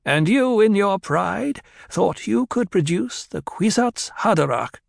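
A man's voice: high-pitched, lively intonation, slow pace, gravelly, no echo, clean studio sound, pitched above the performer's own voice, exaggerated voice. A man voicing a stern, snappish old woman who sneers and lectures with cruel mimicry, in an audiobook reading.

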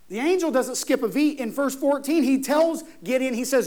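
A man's voice: extremely high pitch, animated, moderate pace, few pauses, darkish tone. A man preaching a sermon in a conversational, emphatic way, putting questions to his congregation. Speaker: pastor.

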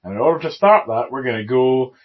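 A man's voice: mid-range voice, expressive, fast talker. Wry man chatting about a film. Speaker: podcast co-host. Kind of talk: casual film discussion. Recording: muffled, dull home recording.

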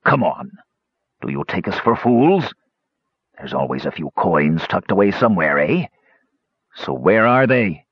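A man's voice: deep voice, big pitch swings, unhurried, long pauses, slightly rough, dry recording, muffled recording, full character voice. A man voicing a cruel, greedy bandit leader who talks in a coarse, threatening way. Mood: menacing.

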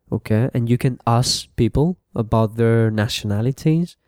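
A man teaching a beginner English lesson. He speaks patiently, repeats each word and adds quick translations, often checking with okay. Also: mid-range voice, a little mellow, smooth, no room sound, studio quality. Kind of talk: slow bilingual beginner lesson.

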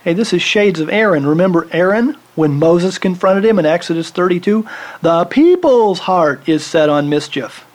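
A man's voice: sits high, expressive, moderate pace. A man preaching a sermon, teaching from the Bible and acting out the voices of the people he quotes.

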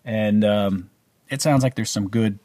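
A man's voice: lowish voice, measured pace, dark tone, no room sound. A middle-aged man with a Canadian accent, telling a personal story in a casual, rambling way with many fillers and restarts. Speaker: vlogger.

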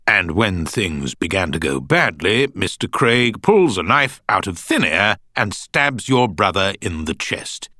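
A man voicing a cool male barrister, cross-examining in a measured, pointed way. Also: low-pitched, big pitch swings, pushed and bright, no room sound, studio quality, pitched above the performer's own voice, full character voice. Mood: probing. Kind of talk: audiobook character voice.

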